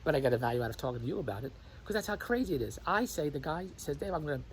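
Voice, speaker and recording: Brisk animated male vlogger, rapid ranting delivery, faint noise behind. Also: on the high side, rough recording. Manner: animated, repetitive, mimics others' voices. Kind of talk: rambling self-recorded monologue.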